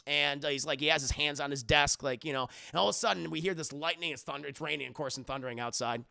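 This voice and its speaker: A man's voice: a little high, quick pace, gravelly, bright, forceful tone, no echo, clean studio sound. A man casually recapping a movie on a live stream, rambling and profane and talking to chat. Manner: rambling and profane, full of fillers, addresses chat.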